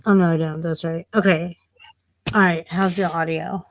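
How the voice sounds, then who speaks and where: A woman's voice: on the low side, fairly even intonation, normal speed, dry recording, rough recording. A woman hosting a casual livestream, talking in a profane, rambling and easily distracted way. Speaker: livestream host.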